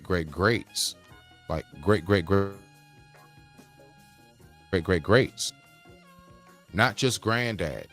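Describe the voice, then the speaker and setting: A man's voice: low voice, fairly bright tone. A man from the United States hosting a livestream, talking straight to his viewers and chat in a casual, preachy monologue. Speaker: livestream host.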